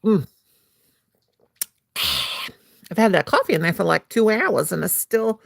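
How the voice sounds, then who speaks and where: Chatty playful woman, lively gravelly voice. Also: fairly low pitch, takes it slowly, long pauses, no room sound, studio quality. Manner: chatty and playful, breaks into sing-song. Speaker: crochet livestream host. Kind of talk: casual livestream chat while crocheting. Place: at home.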